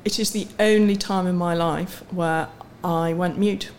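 A middle-aged woman speaks as a podcast guest in a lowish voice. She is candid and self-deprecating, often restarting her sentences. A faint hiss sits under the recording. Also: steady tone, unhurried, darkish tone. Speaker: guest, sports series CEO. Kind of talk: casual podcast interview.

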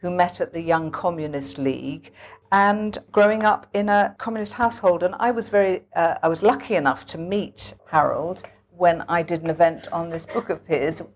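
A woman with a lowish voice interviews an author at a book event. She pauses and hesitates often, filling the gaps with ums as she frames her questions. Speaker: host interviewer.

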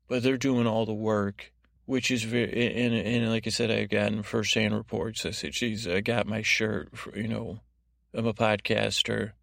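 A man hosting a podcast for falling asleep, rambling along in a low-key way with lots of fillers and restarts. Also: creaky, fairly bright tone, dry recording, clean studio sound. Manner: meandering, full of fillers and restarts; unhurried, low-key delivery. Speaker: podcast host. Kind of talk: rambling monologue to help listeners sleep.

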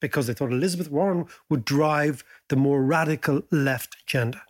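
A man's voice: fairly high pitch, fairly quick. A man hosting a podcast, chatting casually and animatedly with a co-host, joking and telling stories. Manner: lively, jokey, animated storytelling.

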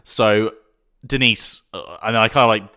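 A man's voice: on the low side, measured pace, pushed and bright. A man playing in a tabletop role-playing game, flustered and laughing with frequent exclamations. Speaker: player. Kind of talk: tabletop role-play chat.

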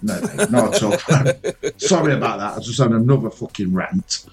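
A man's voice: fairly low pitch, lively intonation, moderate pace, faint music behind. A man with a British accent on a casual podcast, ranting animatedly and swearing. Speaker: podcast co-host.

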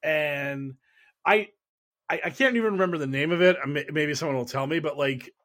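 A man co-hosting a podcast, telling stories in animated casual chat, laughing and swearing freely. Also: on the high side, brisk. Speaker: podcast co-host.

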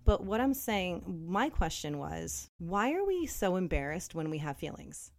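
A woman's voice: on the low side, lively intonation, fairly quick. A woman co-hosting a podcast in casual chat, telling stories and acting out the people she quotes. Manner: chatty storyteller, acts out quoted voices. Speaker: podcast co-host.

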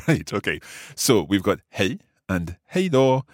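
Deep-voiced, husky male lesson host. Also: very animated, slow pace, no echo, clean studio sound. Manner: curious, good-humoured, asks many questions. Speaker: podcast host and learner. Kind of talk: scripted language lesson chat.

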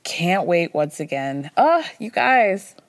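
A woman hosting a podcast, recapping casually in a chatty, animated way and jumping into high mimicking voices. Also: takes it slowly, dry recording. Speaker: podcast host.

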